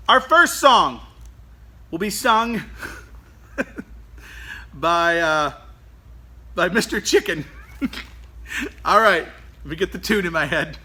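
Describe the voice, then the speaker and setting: Playful guy running a kids church lesson, high voice, really bright and punchy. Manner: animated, playful, keeps breaking into laughter. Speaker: children's worship leader. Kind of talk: lively children's lesson.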